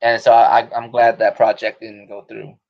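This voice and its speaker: This podcast host has a gravelly, fairly low voice with little pitch movement, speaking at normal speed. His casual chat is full of slang, cursing and frequent laughter, and the audio is dull and lo-fi.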